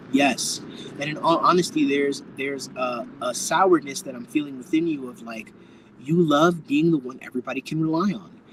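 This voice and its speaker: A man's voice: a little high, a little hiss or hum, rough recording. A man giving a live tarot reading to viewers, speaking frankly and campily, calling people darling and swearing freely. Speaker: tarot reader.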